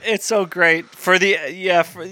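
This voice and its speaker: A man with a bright, forceful, mid-pitched voice trades quick banter as a podcast co-host. He jokes and takes guesses at quiz questions in a casual way. The recording is dry and close. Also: fairly even intonation, no room sound. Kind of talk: casual chat.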